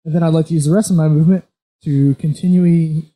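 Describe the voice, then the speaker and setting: A man's voice: a little high, steady tone, fast, mellow. Eager man playing a tabletop game. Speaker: player. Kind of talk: casual tabletop game chat.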